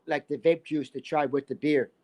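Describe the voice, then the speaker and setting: A man's voice: a little high, steady tone, normal speed, darkish tone. A man telling a rambling story in casual chat, restarting phrases and filling with "like". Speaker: livestream guest.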